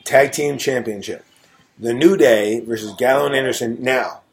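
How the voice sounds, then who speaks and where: A woman's voice: very deep voice, normal speed, darkish tone. A middle-aged woman hosting a casual podcast chat and prompting each guest in turn for their picks. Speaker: podcast host.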